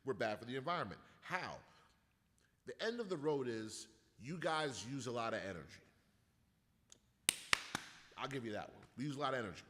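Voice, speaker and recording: Loud, profane ranting man in reverb. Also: medium pitch, animated, moderate pace, long pauses, a little hiss or hum. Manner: profane, rambling storyteller who rants loudly. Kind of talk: casual chat. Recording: long hall reverb.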